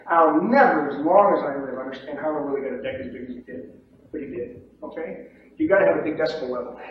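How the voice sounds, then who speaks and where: A man teaching trading to a room of trainees, lively, acting out the shouts and voices of traders on the floor. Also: sits high. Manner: animated, acts out pit shouts and mimics other traders. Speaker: trading instructor. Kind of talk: lecture to trainees. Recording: distant echoey room, dull lo-fi tape with faint hiss.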